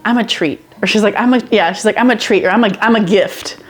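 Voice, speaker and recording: A woman hosting a casual podcast chat, animated, laughing often and repeating phrases. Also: mid-range voice, fast talker. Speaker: podcast host.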